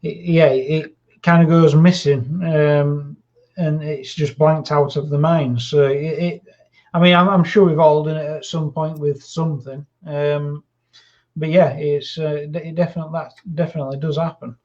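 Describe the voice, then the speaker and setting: A man hosting a casual interview, speaking hesitantly with many pauses and fillers. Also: on the high side, little pitch movement, darkish tone. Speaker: host. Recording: dull lo-fi audio.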